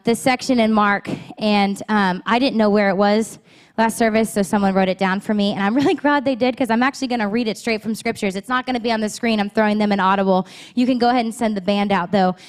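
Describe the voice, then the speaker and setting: Candid, conversational woman preacher. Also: medium pitch. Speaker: pastor. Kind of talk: sermon. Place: church auditorium.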